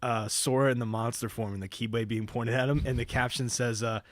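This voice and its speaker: A man's voice: medium pitch, fairly even intonation, brisk, no room sound. Podcast host guy, casual chat, rambling stories, laughs a lot, dry sound. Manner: laughs often, loose storytelling.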